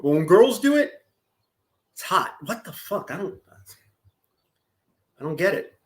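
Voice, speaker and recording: High-voiced man chatting slowly and crudely. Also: sing-song, fairly bright tone. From Los Angeles, California. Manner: crude, joking, often laughing. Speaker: streamer reading chat. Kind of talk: casual live-stream chat.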